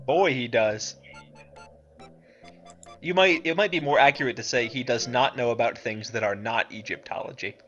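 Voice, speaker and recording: A man's voice: mid-range voice, moderate pace, pauses often, fairly bright tone, lo-fi sound, soft background music. A man co-hosting a let's play, chatting wryly and explaining the game with frequent fillers and restarts. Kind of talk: casual gameplay commentary.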